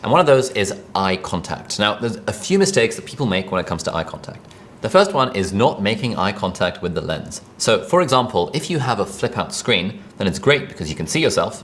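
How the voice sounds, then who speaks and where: A man giving a conversational direct-to-camera tutorial on presenting, energetic and quick, recorded with a videographer. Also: fairly low pitch. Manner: fast, energetic, conversational delivery. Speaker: online video coach.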